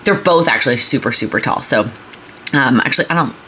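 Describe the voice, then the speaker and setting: A woman's voice: a bass voice, lively intonation, a little fast, fairly bright tone. A young woman, vlogging from home in a rambling, chatty way that keeps interrupting itself. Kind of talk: casual chat. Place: home, indoors. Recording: echoey room with faint noise.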